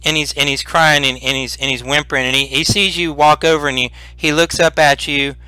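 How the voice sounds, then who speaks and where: A man running a tabletop game as game master, describing the scene slowly and deliberately. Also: fairly high pitch, steady tone, sharp tone, clean tone, dry recording.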